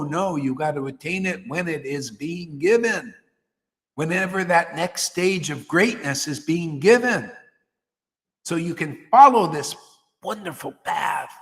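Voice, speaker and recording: A man giving a devotional sermon as a spiritual teacher, exhorting and colloquial. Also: a little high. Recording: reverberant hall.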